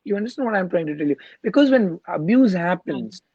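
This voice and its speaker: Earnest man with a mellow voice. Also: high voice, animated, a little fast, vocal fry, slightly rough, no echo, dull audio. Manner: earnest, peppers speech with "you know" and "right?". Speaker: clinical hypnotherapist guest. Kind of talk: explanatory interview talk.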